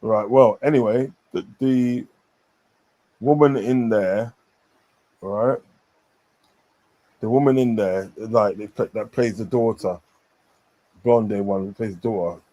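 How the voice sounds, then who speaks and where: A man's voice: on the low side, takes it slowly, long pauses, dark tone. A man chatting casually on a stream, rambling with many fillers and repeated phrases. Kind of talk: casual chat.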